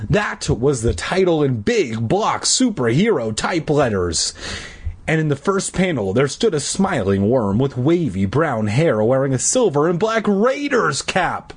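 Man reading a kids' book aloud, husky, lively pitch, irreverent. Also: unhurried. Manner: irreverent, swears, sighs between chapters. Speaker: reader. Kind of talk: casual storybook read-aloud.

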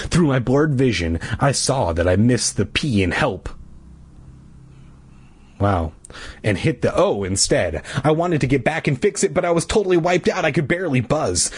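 A man's voice: mid-range voice, animated, moderate pace, breathy edge. A man reading a children's novel aloud, dropping wry asides and corrections between passages. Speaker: reader.

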